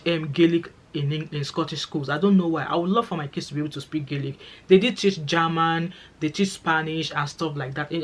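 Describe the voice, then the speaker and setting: Fast-talking Nigerian woman vlogger. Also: deep voice. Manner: chatty and emphatic, repeats phrases for stress, speaks straight to viewers. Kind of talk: casual talking-to-camera vlog.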